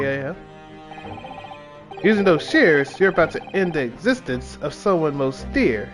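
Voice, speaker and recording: A man's voice: a little high, fairly bright tone. A man streaming a game, rambling casually in a laid-back way between lines of dialogue. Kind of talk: casual gameplay commentary.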